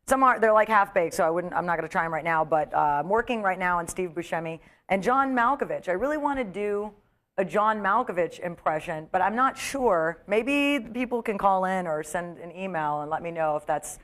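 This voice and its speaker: A woman comedian chatting as a guest on a talk show, telling stories with animated asides and quick acted-out voices. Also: fairly low pitch. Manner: animated storyteller, acts out quoted voices. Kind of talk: casual chat. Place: studio of an internet talk show.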